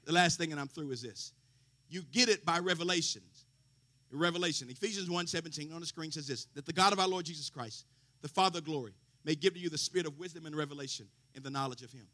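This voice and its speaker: A man's voice: a little high, quick pace, sharp tone. A man preaching a sermon, quoting scripture with folksy asides and rising fervor. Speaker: pastor.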